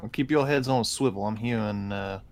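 A man's voice: on the low side, fairly quick, darkish tone. A man playing a tabletop game, joking and wordy as he talks in character and out. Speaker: player. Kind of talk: casual tabletop play.

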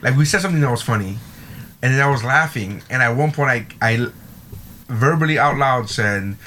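A man's voice: mid-range voice, moderate pace, fairly bright tone, slight background noise. A man chatting casually as a podcast co-host, telling a story with emphatic repetition and swearing. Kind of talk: casual chat.

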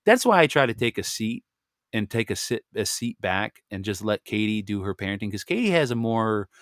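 Podcast host, man, young adult, low voice, dry close sound, animated and chatty. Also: brisk, dry recording. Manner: animated storyteller, laughs often, acts out dialogue. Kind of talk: casual chat.

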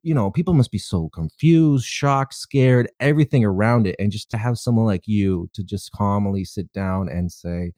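A man's voice: fairly low pitch, normal speed, hardly any pauses, mellow, no echo, studio quality. A man hosting a casual interview, talking in a rambling way with many fillers. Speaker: host.

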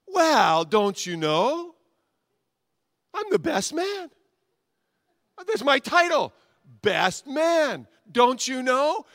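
A boastful best man who thinks the wedding is all about him, put on by a male preacher. The voice jumps up high and bright, loud and full of swagger. It is a quick skit in the middle of a sermon. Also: very animated, no room sound, clean studio sound, long reverb tail, heavily acted. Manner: loud, bragging, high-pitched.

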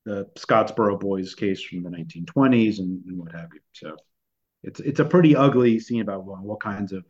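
A man's voice: fairly low pitch, moderate pace. A man co-hosting a podcast discussion, talking in a hesitant way with many restarts and fillers. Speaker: podcast co-host. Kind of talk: conversational discussion. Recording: dull lo-fi recording.

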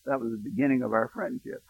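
A male pastor preaching a sermon, telling a personal story, hushed in tender moments and rising to emphatic preaching. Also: medium pitch, vocal fry, breathy edge, no echo. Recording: dry, thin phone-like sound.

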